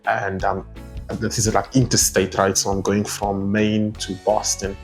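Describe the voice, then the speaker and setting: A man's voice: fairly low pitch, completely flat delivery, a little slow, faint music behind. A young man from South Africa chatting casually in a vlog, rambling through asides and laughing as he goes. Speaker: vlogger.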